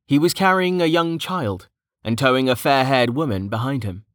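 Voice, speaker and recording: A man reading a fantasy novel aloud as audiobook narration, in a measured, even manner. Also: medium pitch, dry recording, clean studio sound.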